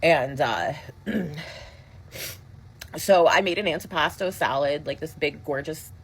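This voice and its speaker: A woman's voice: deep voice, unhurried, slightly rough, poor audio. A woman in her thirties tells an upsetting personal story, shaken and rambling with lots of fillers. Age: 30s. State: shaken and distraught.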